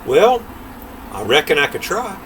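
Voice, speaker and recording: A man's voice: a little high, sing-song, unhurried, a bit bright. Lazy, eager young farm boy, voiced by a man reading a tale aloud; drawling and bouncy. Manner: drawling backwoods speech. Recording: distant mic, faint air-conditioner hum.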